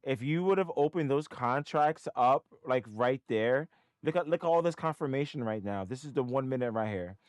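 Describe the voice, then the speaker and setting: A man's voice: mid-range voice, lively intonation, normal speed, dry recording. Swearing, self-critical male trading streamer. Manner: swings from muttering to frustrated outbursts, swearing; self-critical, talking to himself. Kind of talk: live stream commentary.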